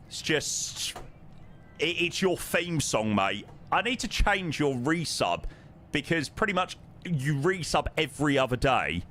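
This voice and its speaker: A man's voice: on the high side, very animated, measured pace, fairly bright tone, a little hiss or hum. A British man chatting casually on a flight simulator stream, reading viewer messages aloud and calling out runway and altimeter figures. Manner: chatty, reads viewer messages aloud, calls out aviation numbers. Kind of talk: casual live-stream chat over flight sim.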